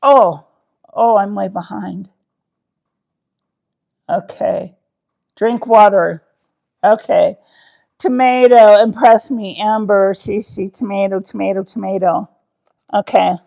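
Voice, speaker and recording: A woman hosting a casual cooking livestream, chatty and rambling, quick to laugh. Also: mid-range voice, steady tone, creaky, mellow.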